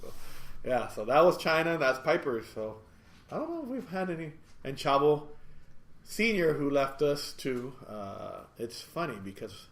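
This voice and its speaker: A man hosting a podcast from his store, telling rambling, animated anecdotes in casual chat. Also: on the high side, a little slow. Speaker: podcast host and store owner. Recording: echoey room.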